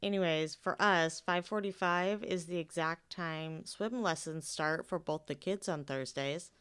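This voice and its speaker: Woman co-host, tired, self-mocking chat, smooth low-ish voice. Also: a little slow, a bit bright. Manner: laughs often, self-mocking. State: tired after a fall. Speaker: podcast co-host. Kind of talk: casual chat. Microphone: headphones, one ear on.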